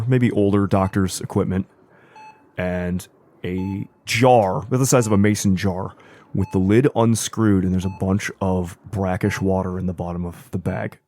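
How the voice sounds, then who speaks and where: A man acting as storyteller, narrating a tabletop horror game in slow, deliberate scene-setting. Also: deep voice, warm tone.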